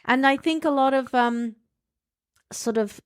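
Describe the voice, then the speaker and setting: A woman's voice: high voice, a little slow, smooth, dry recording, studio quality. Frank chatty woman co-host. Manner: frank, chatty, gives sensible advice. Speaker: podcast co-host. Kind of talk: casual chat.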